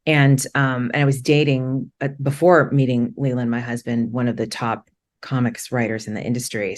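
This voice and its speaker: A middle-aged woman from Maine, speaking in a low-pitched voice, appears as a podcast guest and tells her story candidly. She rambles, restarting often and laughing quickly.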